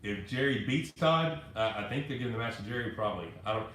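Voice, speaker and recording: Casual man hosting a live chat, halting comment reader, voice bouncing around a roomy space. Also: mid-range voice, lively intonation, fairly bright tone, a little hiss or hum. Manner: loose, halting, reads comments aloud with restarts. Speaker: live-stream host answering viewer comments. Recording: echoey room with faint ambience.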